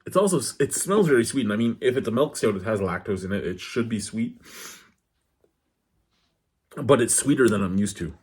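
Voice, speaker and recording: A man's voice: fairly low pitch, lively intonation, fairly quick, long pauses, a little mellow, husky. A man reviewing a beer in a casual vlog, rambling off-topic, talking with his hands. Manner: rambling, digressive, candid.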